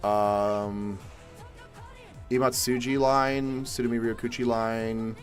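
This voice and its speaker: A man's voice: mid-range voice, level tone, slow pace. Laid-back swearing young American man streaming. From Atlanta, Georgia, USA. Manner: laid-back, swears casually, bursts into loud exasperated rants. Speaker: livestream host. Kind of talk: casual live-stream chat reading viewer questions. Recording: faint music behind.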